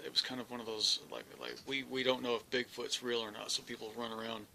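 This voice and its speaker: A man telling a first-person story, halting often, restarting sentences and searching for words. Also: mid-range voice, little pitch movement, bright, forceful tone, poor audio. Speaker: experiencer recounting an encounter.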